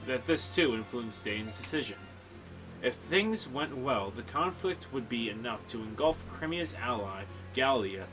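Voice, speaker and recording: A man reads a game's dialogue aloud with mock drama, then drops into blunt, crude asides as the host of a let's play. His voice sits in a middle range for a man. Game music plays clearly underneath him. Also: mid-range voice. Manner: mock-dramatic reading broken up by crude jokes. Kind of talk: reading game dialogue aloud with casual commentary.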